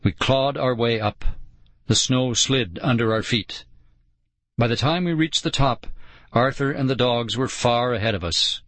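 A man reading a first-person children's adventure story aloud in a measured, expressive way. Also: mid-range voice, no echo. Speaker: audiobook narrator. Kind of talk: first-person audiobook narration.

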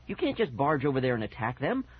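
Man playing excited girl, high and bouncy, husky tone, dull lo-fi audio. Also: fast. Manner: high, cheering. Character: excited girl friend, also turned dog.

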